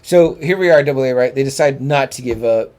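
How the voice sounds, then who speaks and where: A man co-hosting a comic book podcast, excitable, swearing and often asking his co-host to agree. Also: medium pitch, brisk. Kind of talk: casual comic book review chat.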